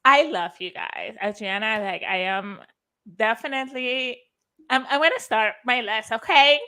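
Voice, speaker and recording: A woman's voice: on the high side, unhurried, sharp tone, clear, resonant tone. A woman organizing a conference and speaking with effusive emotion and frequent restarts. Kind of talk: heartfelt conference talk.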